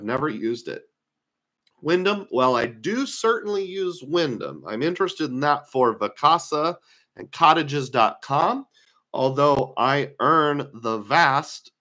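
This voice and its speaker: A man's voice: medium pitch, fairly bright tone. A man giving a casual screen-share lecture on credit card points, talking through his opinions with fillers, his voice slightly worn. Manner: conversational, opinionated, thinking aloud with fillers.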